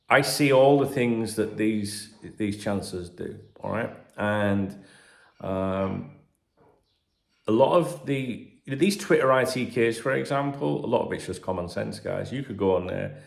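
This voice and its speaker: Gravelly, echoey middle-aged male football host. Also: on the low side. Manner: chatty and cheeky, swears and jokes between reading headlines. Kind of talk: casual football transfer gossip commentary. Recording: roomy echoey room.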